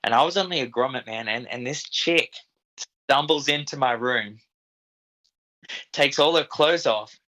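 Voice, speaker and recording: A man's voice: mid-range voice, a little slow, pauses often, bright, forceful tone, poor audio. A young Australian man telling stories as a podcast guest, laid-back and swearing freely, often saying "dude" and "man". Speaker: podcast guest, equipment operator. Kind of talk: casual storytelling.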